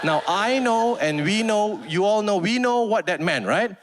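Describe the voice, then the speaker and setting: A male stand-up comedian with a Malaysian English accent tells a story to a live crowd. His voice sits high and swings widely from line to line, and he jumps into quick impressions of the people he meets. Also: noisy background. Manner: animated, acts out other people's lines in character. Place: stage before a live audience.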